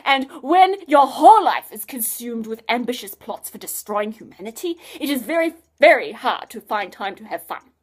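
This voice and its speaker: Woman putting on a loud pompous male mad scientist, boastful, touchy, storybook villain, a bit high. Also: expressive, normal speed. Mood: gloating. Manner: loud, theatrical and easily offended. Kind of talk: storybook reading.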